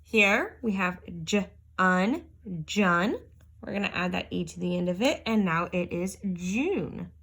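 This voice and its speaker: A woman teacher giving a phonics lesson to young children, sounding out letters and words slowly and carefully. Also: lowish voice, expressive, fairly bright tone.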